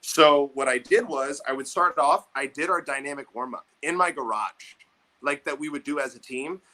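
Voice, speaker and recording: A man hosting a podcast, telling a story in casual chat, animated and swearing freely. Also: mid-range voice, moderate pace. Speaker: podcast host.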